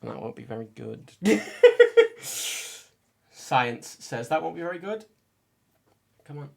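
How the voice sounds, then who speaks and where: Laughing, lively man streaming. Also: on the high side, a little slow, creaky. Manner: swearing, joking, laughing often. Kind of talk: casual livestream chat.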